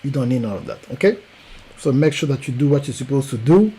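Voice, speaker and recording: A man with a French accent giving an emphatic, repetitive promotional pitch as a podcast coach. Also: animated, quick pace, dark tone, slightly rough, rough recording.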